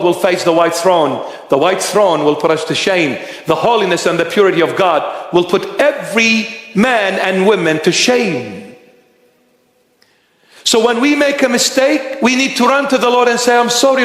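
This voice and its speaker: A man preaching a sermon as a bishop, impassioned, with rhetorical questions and dramatic swings of pitch. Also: fairly bright tone. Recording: echoey church hall reverb.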